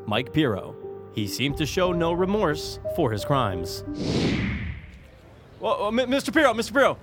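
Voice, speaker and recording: Mock-serious TV news reporter, pushy, with a lively up-and-down voice , played by a man. Comedy sketch. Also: sits high, pitched above the performer's own voice. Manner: mock-serious interviewer delivery.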